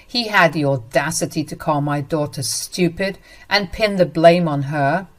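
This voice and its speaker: An earnest woman narrating a first-person story with indignation. Her voice sits somewhat low. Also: measured pace.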